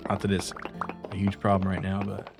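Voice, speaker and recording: Low, flat-voiced laid-back male streamer. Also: a little fast, vocal fry, music in the background. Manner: laid-back, mumbling asides. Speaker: streamer playing a game. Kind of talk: casual chat while gaming. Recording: hissy stream audio with clicks.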